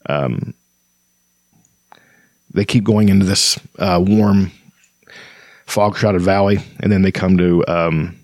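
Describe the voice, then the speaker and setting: Rambling low-voiced man talking books. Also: fairly even intonation, slow pace, pauses often, darkish tone, dry recording. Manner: rambling, many fillers and restarts, reads quotes aloud. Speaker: book discussion host. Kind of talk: casual chat about fantasy books.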